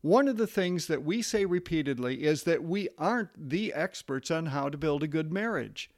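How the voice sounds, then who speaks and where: A man's voice: on the high side, animated, normal speed. A man co-hosting a marriage podcast, reading in an earnest, plain-spoken way. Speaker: podcast co-host.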